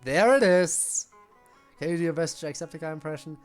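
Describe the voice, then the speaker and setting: A woman streamer chatting casually while playing a game, self-deprecating and quick to laugh. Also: low-pitched. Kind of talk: casual gaming stream chat. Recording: faint game music behind.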